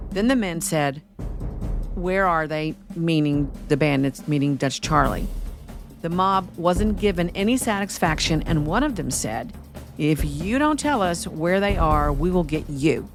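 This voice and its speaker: Woman, podcast host, steady history storytelling, wry asides, low voice, faint music behind.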